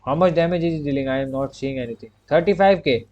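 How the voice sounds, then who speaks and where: A man talks casually over his own gameplay in a mellow, relaxed voice. He steps himself through each move with short repeated commands and fills his pauses with the same stock phrase. The sound is dull and lo-fi, like a cheap home mic. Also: fairly high pitch. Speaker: gaming streamer.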